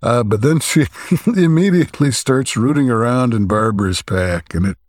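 A man co-hosting a podcast, recapping a story's plot in a relaxed, halting way with frequent pauses. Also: medium pitch, no echo, clean studio sound. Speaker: podcast co-host.

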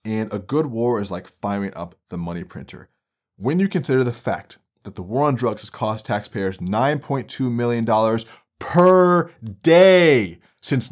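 A young man hosting a podcast, delivering an essay-style commentary in an animated, profane way that swings from low mutters to loud outbursts. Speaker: podcast host.

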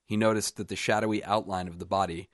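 A man with a very deep voice reads his own short story in a measured, even manner. The sound is close and dry, with no room around it. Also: no room sound.

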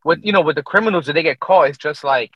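A man's voice: fairly high pitch, fast, no room sound, muffled recording. A man in a casual, profane podcast chat who laughs and tells loose stories.

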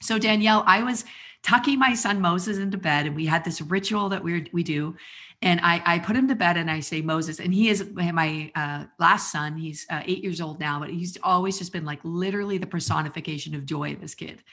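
A woman in her thirties hosting a conversational interview, telling a story with lively emotion and frequent laughs. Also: fairly low pitch. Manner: animated storyteller, emotional, laughs often, says "like" a lot. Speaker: podcast host.

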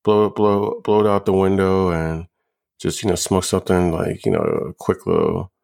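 A young man co-hosting a podcast, talking casually in a halting, stop-start way full of fillers and repeated words, high on weed. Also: completely flat delivery, vocal fry, darkish tone. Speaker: podcast co-host. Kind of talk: casual chat.

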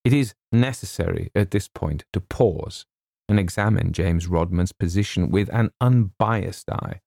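A man narrating a comic story in a measured, wry manner. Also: low-pitched, creaky, mellow, no room sound, clean studio sound. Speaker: audiobook narrator.

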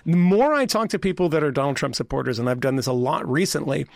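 A man's voice: a little high, animated, fast talker, vocal fry, no echo, studio quality. A man on a podcast panel talking politics in casual chat, rambling and interrupting himself with repeated words.

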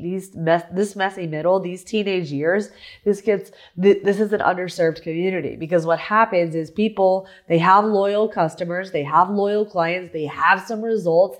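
Woman, business coach, solo podcast monologue, animated, frequent restarts. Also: mid-range voice. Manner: animated, acts out her own past questions; restarts and repeats words often.

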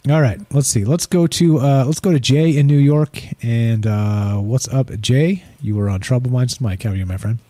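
Fast-talking man hosting a call-in show. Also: medium pitch, dark tone, no echo. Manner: quick-talking, rambling with fillers. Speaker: podcast host. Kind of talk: casual live call-in show.

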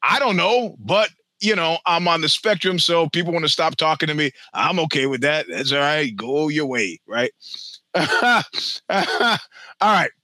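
A man's voice: a little high, lively intonation, measured pace, pushed and bright, no room sound. A man around sixty, a podcast host, telling a long personal story in a rambling, profane, self-mocking way.

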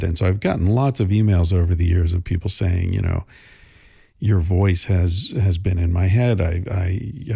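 In a dry recording, a middle-aged man with a low, creaky, mellow voice talks through a casual podcast monologue. His delivery is reflective and wandering, peppered with fillers and false starts.

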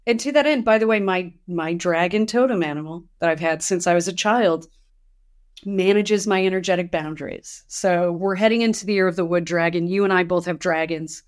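Host, female, lower voice, chatty storyteller in relaxed conversation. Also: brisk. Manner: chatty storyteller, acts out quoted exchanges. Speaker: podcast host. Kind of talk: casual conversational interview.

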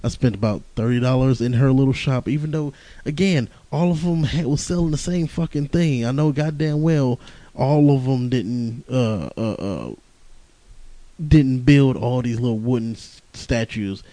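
A man's voice: medium pitch, normal speed, mellow, dry recording, rough recording. A young man hosting a podcast on his own, tired and rambling, cursing often and laughing through his stories. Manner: profane, laughing, rambling storyteller. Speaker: podcast host. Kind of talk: casual rambling monologue.

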